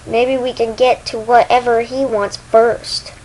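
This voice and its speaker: A woman voicing a bold, wisecracking young female bounty hunter from a game, loud and excitable. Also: a little high, a little slow, slight background noise, lightly acted, low-quality recording. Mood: brash, excited. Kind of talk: retelling a game scene in voices.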